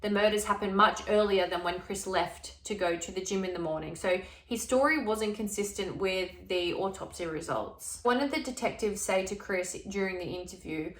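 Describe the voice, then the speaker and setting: A woman's voice: mid-range voice, normal speed, hardly any pauses. Chatty woman telling a true crime story. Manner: chatty, retells exchanges in plain conversational speech. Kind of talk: casual true crime narration. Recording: echoey room.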